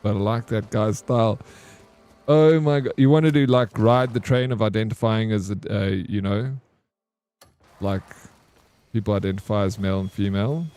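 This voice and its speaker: Laid-back gaming streamer. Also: male voice, fairly low pitch, moderate pace, a little mellow, clean tone. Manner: laid-back, chatty, slangy, talks to chat and to himself. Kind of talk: casual live-stream chat while playing.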